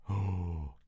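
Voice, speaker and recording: A male streamer giving animated gameplay commentary, swearing and yelling at the game. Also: low voice, husky.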